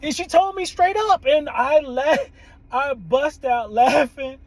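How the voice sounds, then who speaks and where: Man, therapist telling a story, animated, laughs a lot, higher voice. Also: slow, rough recording. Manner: animated, laughs often, quotes people in their own voices. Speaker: therapist, podcast host. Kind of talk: storytelling monologue.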